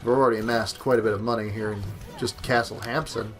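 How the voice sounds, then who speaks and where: A man's voice: fairly low pitch, fairly even intonation, fast, fairly bright tone. Guy co-host playing a game, dry matter-of-fact comments, bit of music under it. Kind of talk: casual chat with game commentary.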